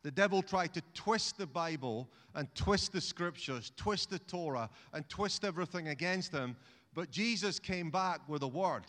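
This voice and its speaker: A man's voice: fairly high pitch, animated, normal speed, fairly bright tone, in a large hall. A man preaching a sermon in a chatty, humorous way, often restarting phrases and calling on the congregation to repeat words. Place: church.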